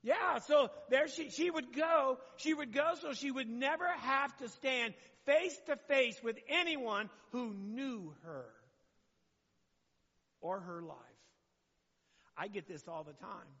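A man's voice: very high-pitched, slow, pushed and bright, breathy edge, long reverb tail, lo-fi sound. A man preaching a sermon as pastor, talking conversationally and asking the congregation questions.

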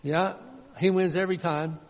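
A man's voice: high voice, steady tone, normal speed. A man preaching a sermon as pastor, fervent and repetitive, often voicing prayers aloud. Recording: dull, reverberant hall sound.

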